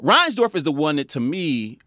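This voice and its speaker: A man co-hosting a sports talk radio show, talking in an animated, slangy, emphatic way. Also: on the high side, moderate pace, no echo, clean studio sound. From Detroit. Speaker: radio co-host.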